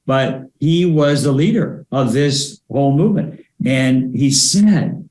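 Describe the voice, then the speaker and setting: An older man answers interview questions in a measured, anecdotal way, often pausing on fillers. His voice sits at a middle pitch and carries a roomy echo around it. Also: animated, a little mellow. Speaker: guest, former presidential advisor and speech coach.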